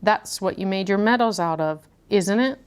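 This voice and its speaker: A woman's voice: mid-range voice, normal speed, clear, resonant tone, lightly acted. A woman voicing a haughty middle-aged society lady who speaks sharply, in a read-aloud mystery story. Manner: sharp, cutting.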